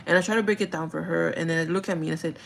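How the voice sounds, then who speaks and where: A woman's voice: lowish voice, fairly even intonation, very fast, creaky, slight background noise. A woman in her thirties telling a story in casual chat, rambling with lots of "like" and "you know". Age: 30s. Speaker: vlogger.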